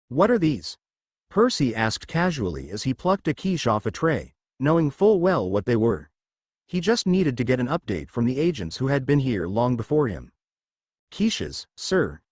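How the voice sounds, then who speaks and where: Male narrator, lively pitch, dry close sound, fan-fiction reading. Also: dry recording.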